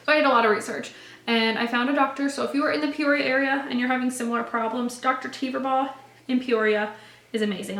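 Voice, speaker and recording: A young woman in her twenties talks straight to the camera, telling her own story in a candid, earnest way. Her voice sits a little high, and the room around her has a noticeable echo. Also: fairly bright tone. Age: 20s. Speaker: vlogger. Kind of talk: personal story vlog.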